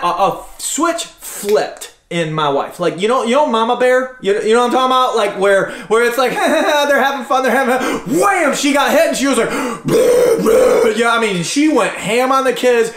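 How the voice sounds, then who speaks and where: A man's voice: sits high, a bit bright, roomy sound. A man preaching a sermon as pastor, talking conversationally, telling stories and repeating his phrases. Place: church sanctuary.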